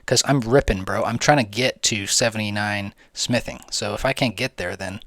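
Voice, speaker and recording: A man's voice: on the low side, moderate pace, fairly bright tone, no room sound. A young man giving casual, rambling gameplay commentary, slangy, jokey and swearing freely. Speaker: gaming video host.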